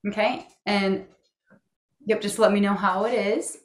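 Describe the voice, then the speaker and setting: A woman practitioner guiding a tapping session, calmly giving phrases to repeat. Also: medium pitch, measured pace, echoey room. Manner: calm coaching, gives phrases to repeat. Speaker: EFT practitioner.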